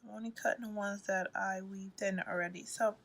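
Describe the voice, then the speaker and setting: A woman's voice: mid-range voice, steady tone, fairly quick, fairly bright tone. A woman casually explaining a crochet project, sleepy and yawning, rambling with apologetic asides and dipping into whispers, recorded on a phone at home. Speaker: crochet tutorial host.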